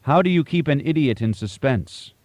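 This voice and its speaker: A man's voice: mid-range voice, expressive, moderate pace, a little mellow, no room sound, pitched above the performer's own voice, lightly acted. A man voicing a playful mystical male oracle, somber yet mischievous.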